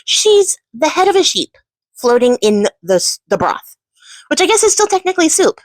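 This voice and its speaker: A woman's voice: high voice, big pitch swings, normal speed, no echo, low-quality recording. A woman retelling a fairy tale in a chatty, casual way, laughing often and swearing. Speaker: storyteller and channel host.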